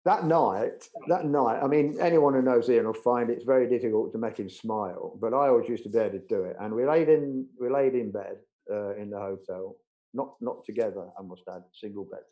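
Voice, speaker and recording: A middle-aged man, telling an animated anecdote in a casual live interview, acting out the voices of other people. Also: medium pitch, fairly quick, highs cut off. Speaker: budgerigar breeder telling a story.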